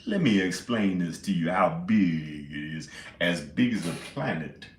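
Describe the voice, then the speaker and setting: A man's voice: low-pitched, expressive, measured pace, slight background noise. A man in his forties rambling in a casual monologue, often laughing and swearing. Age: 40s. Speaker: indie filmmaker. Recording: roomy echo.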